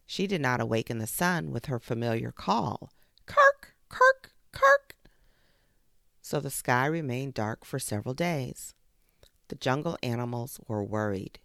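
A podcast host reading a children's fable aloud, expressive and with spoken sound effects. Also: medium pitch, moderate pace, vocal fry, no room sound, clean studio sound. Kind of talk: storybook narration for children.

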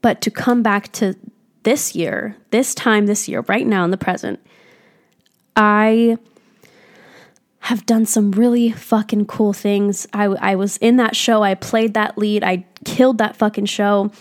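A woman's voice: medium pitch, fairly even intonation, unhurried. A young adult woman hosting a casual solo podcast, talking candidly and reflectively, swearing freely as she encourages herself and her listeners. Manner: candid and heavily profane. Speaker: podcast host.

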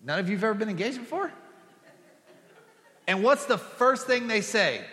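Joking pastor in a reverberant church hall. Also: male voice, animated, normal speed, long pauses, pushed and bright. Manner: chatty, jokey, with put-on high squeals for quoted women. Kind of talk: humorous sermon storytelling. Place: church sanctuary.

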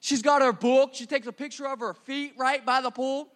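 A man's voice: very high voice, fairly even intonation, moderate pace, fairly bright tone. A young man preaching a sermon in a church, casual and slangy, often repeating words as he starts a sentence.

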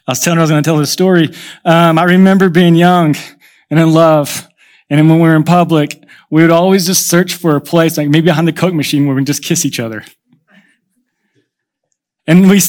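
Guy pastor preaching, chatty storyteller, voice a bit on the high side. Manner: conversational storytelling, acts out quoted voices. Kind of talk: sermon.

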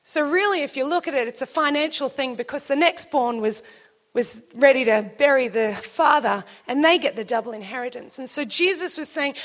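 A woman preaching with a clearly high voice. She tells her stories with animation and acts out the people she quotes in short bursts. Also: normal speed. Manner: animated storytelling, acting out quoted speakers. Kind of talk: sermon.

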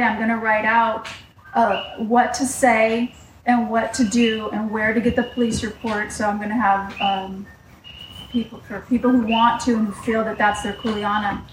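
A fairly high-voiced woman recounts a personal story, halting and close to tears. She sounds distant from the mic, in an echoey space with clear background noise. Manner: emotional, halting. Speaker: caller.

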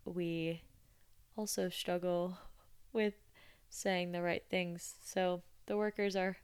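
A woman's voice: on the low side, level tone, slow pace, a little mellow, clear, resonant tone. A young woman hosting a podcast, chatting casually and with amusement as she retells odd customer stories. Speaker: podcast host. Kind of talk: casual storytelling monologue.

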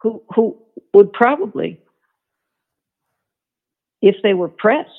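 A woman guest tells a story in a folksy, emphatic way, her voice deeply gravelly with heavy fry. The sound is husky rather than clear. It comes through a narrow, tinny phone line. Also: expressive, takes it slowly. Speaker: guest, horsemanship author. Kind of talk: telling a story in an interview.

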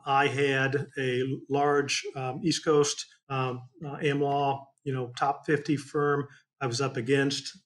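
Man, from Indiana, trial attorney, folksy storytelling, rambling, lots of fillers, middle pitch. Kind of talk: storytelling in casual chat.

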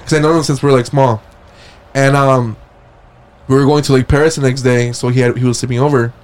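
A man's voice: mid-range voice, a little fast. A man co-hosting a podcast, telling a story in casual, swearing-heavy talk and cutting in often. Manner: animated, swears a lot, keeps interrupting. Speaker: podcast co-host.

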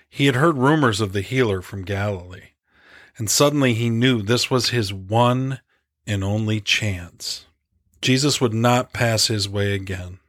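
A man narrating a devotional story in an earnest, reflective, measured way. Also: fairly low pitch, no room sound, studio quality. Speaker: preacher.

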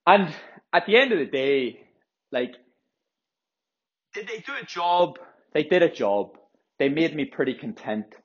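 A man's voice: on the high side, expressive, measured pace, long pauses, slightly rough. A young man hosting a solo podcast, worked up and rambling with frequent swearing and restarts. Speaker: podcast host, runner. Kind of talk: casual solo podcast monologue. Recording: dull lo-fi audio.

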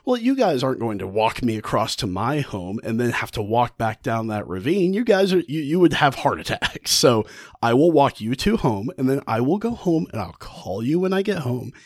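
A man's voice: medium pitch, very animated, moderate pace, no room sound, studio quality. A man putting on a headstrong, defiant woman. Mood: dismissive.

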